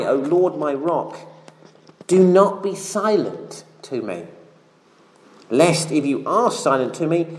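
An earnest preacher delivering a sermon, the voice swinging widely up and down as quoted prayers are given real feeling. It is recorded in an echoey church room, with faint noise in the background. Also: medium pitch.

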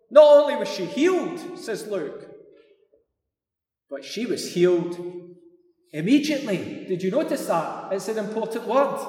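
Slow, high-voiced pastor preaching. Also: male voice, a little mellow. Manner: slow, dramatic storytelling with rhetorical questions. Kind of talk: sermon. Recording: echoey hall from far off.

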